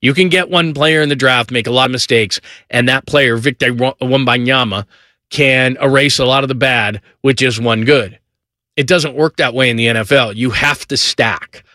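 Bright-voiced man talking football. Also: mid-range voice, moderate pace, no echo, studio quality. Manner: energetic, rattles off names. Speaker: sports talk host. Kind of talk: casual sports commentary.

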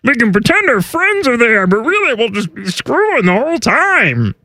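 A seductive woman sports reporter purrs her teasing come-ons in a strained falsetto, as a man puts her on. The voice sits high and swings widely, and the dry close mic leaves no room sound. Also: wildly swooping pitch, moderate pace, sharp tone, no echo, heavily acted. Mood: flirty. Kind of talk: comedic impression.

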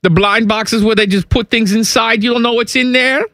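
A man's voice: very high-pitched, fairly even intonation, moderate pace, pushed and bright, no echo, clean studio sound. Man doing a lewd boastful German guy. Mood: leering boastful. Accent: put-on German. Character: brash lewd German man, middle-aged. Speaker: comedy co-host. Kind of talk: comedic character bit.

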